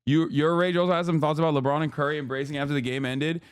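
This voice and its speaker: A man's voice: a little high, fairly even intonation, fast. A man streaming casual commentary, ranting profanely with mock patriotic bravado.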